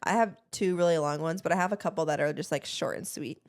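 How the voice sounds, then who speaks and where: A young woman co-hosting a podcast in casual chat, reading listener stories aloud in a quick, chatty way. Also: deep voice, no room sound. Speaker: podcast co-host.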